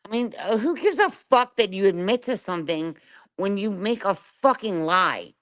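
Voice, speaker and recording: A woman's voice: mid-range voice, lively intonation, normal speed. Furious profane woman ranting on a livestream. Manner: profane, confrontational, keeps asking "right?". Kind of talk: angry live-stream rant.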